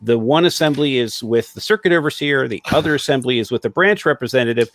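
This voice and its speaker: A man's voice: mid-range voice, quick pace, fairly bright tone, slight background noise. Man explaining over a video call. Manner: explanatory, filler-heavy, with small laughs. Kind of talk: casual livestream discussion.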